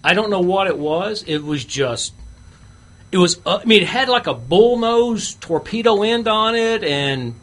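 A man acting out a rambling bayou gator hunter, his put-on drawl pitched high above the usual. Fillers pile up as he wanders through his cigar verdict in a comic radio bit. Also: animated, a little slow, a bit bright. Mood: deadpan rambling. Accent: put-on Southern bayou drawl. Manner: rambling with many "you know" fillers. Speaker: cigar reviewer.

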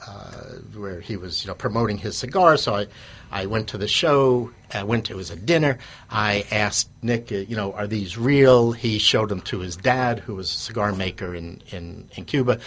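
A fairly low, slightly bright male voice belongs to an interview guest sharing his business story. He rambles, backtracks, leans on fillers and chuckles at his own telling.

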